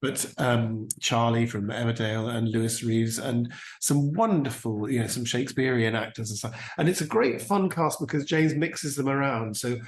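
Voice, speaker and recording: A man, an impressionist, chatting in an animated way in an interview and slipping into brief voices. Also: medium pitch, normal speed, reverberant. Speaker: impressionist and actor, interview guest. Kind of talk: casual interview chat.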